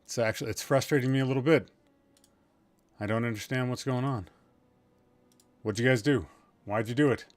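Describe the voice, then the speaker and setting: A man's voice: medium pitch, fairly quick, pauses often, no echo. Rambling, loopy male gaming-stream host. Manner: rambling, jokey, self-deprecating, swears casually. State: tired, a bit loopy. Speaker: podcast host. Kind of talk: casual gaming livestream chat.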